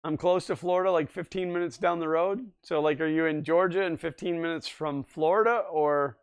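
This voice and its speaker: Smooth-voiced man chatting on a livestream. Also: fairly high pitch, steady tone, a little fast. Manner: chatty and easygoing, laughs often. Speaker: livestream host. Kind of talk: casual chat, reading viewer chat aloud.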